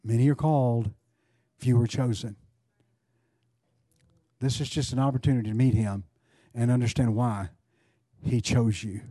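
A man's voice: medium pitch, steady tone, normal speed, pauses often, no echo. A male pastor preaching a sermon, asking rhetorical questions and leading altar prayer. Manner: rises to fervent, louder prayer.

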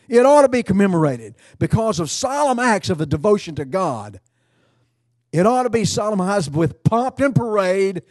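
A man's voice: sits high, very animated, moderate pace, darkish tone, no room sound, studio quality. A man preaching a sermon, emphatic and repeating phrases for effect.

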